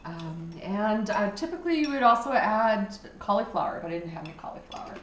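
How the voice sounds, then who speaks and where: A woman's voice: medium pitch, lively intonation, a little fast, fairly bright tone, slight background noise. A woman guest in a kitchen practically listing the ingredients of her dish, with fillers. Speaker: guest cook. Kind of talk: casual chat. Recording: echoey kitchen from a distant mic.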